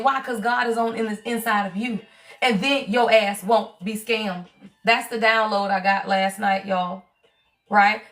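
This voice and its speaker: On a livestream, a middle-aged Southern tarot reader talks bluntly, profanely and preachily. She has a Southern accent and a slightly high, somewhat bright voice.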